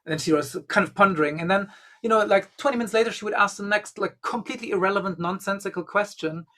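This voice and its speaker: Speaking quickly in a high-pitched, bright, forceful tone, a man who is a guest and Gnostic bishop rambles through a long anecdote. It's casual conversational storytelling, heavy with "you know" and "um."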